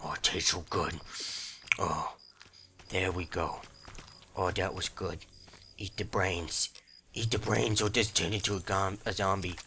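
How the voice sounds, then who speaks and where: A man's voice: steady tone, unhurried, long pauses, pushed and bright, a little hiss or hum. A young man hosting a let's play, chatting casually over gameplay in a rambling, self-interrupting way. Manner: breaks into squeaky high mock voices.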